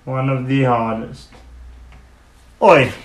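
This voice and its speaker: A man hosting a casual podcast, reacting excitedly to rap tracks and swearing freely. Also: mid-range voice, slow pace. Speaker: podcast host. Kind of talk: casual music reaction chat. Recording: echoey room, music playing. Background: music.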